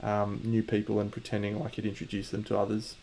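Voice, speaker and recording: A man's voice: lowish voice, completely flat delivery, quick pace, a little mellow, a little hiss or hum. A man with an Australian accent, casually chatting to viewers on his stream while painting, joking and mock-boastful, swearing freely.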